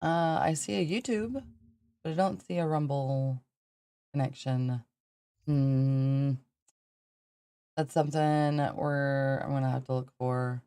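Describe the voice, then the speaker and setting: A woman's voice: a bass voice, takes it slowly, long pauses, dark tone, clear, resonant tone, dry recording. A woman with a Southern accent hosting a podcast livestream, rambling casually, swearing freely and laughing often. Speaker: podcast host.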